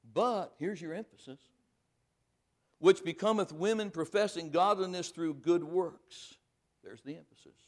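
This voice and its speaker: A man preaching a sermon, reading scripture aloud and pressing each point hard, then dropping to quiet asides. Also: high voice, unhurried.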